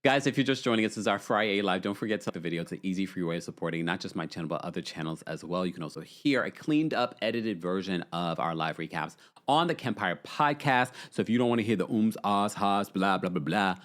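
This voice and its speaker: A male host chatting on a live stream, reading viewer comments in a sassy, animated way. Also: fast, hardly any pauses. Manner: animated, sassy, swooping pitch.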